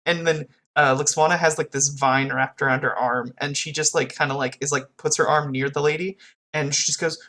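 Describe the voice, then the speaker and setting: A co-host with a mid-pitched, gravelly voice full of vocal fry retells scenes in an animated way on a podcast. Quotes are acted out with big jumps in voice, and the talk stays loose and chatty. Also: normal speed. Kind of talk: casual podcast chat.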